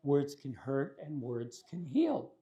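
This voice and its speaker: A man's voice: a little high, very animated, slow, dark tone, echoey room, lo-fi sound. A man voicing integrity as an inner voice in a children's story, earnest and reminding.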